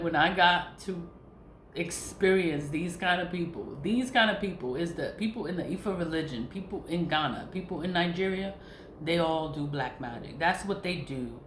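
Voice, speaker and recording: A woman's voice: fairly low pitch, roomy sound, slight background noise. A woman vlogger ranting casually to camera, blunt and profane, repeating herself with laughing asides.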